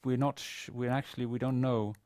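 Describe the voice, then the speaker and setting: A man's voice: mid-range voice, steady tone, brisk, darkish tone, no echo, clean studio sound. A man teaching a university class on classical Arabic grammar, explaining step by step with frequent fillers and restarts. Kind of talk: recorded university lecture.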